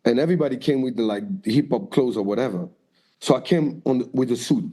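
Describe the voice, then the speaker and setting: Mellow-voiced man telling lively stories. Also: medium pitch, fast talker. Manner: lively storyteller, acts out quoted voices, swears freely. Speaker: guest dancer and choreographer. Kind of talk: storytelling interview.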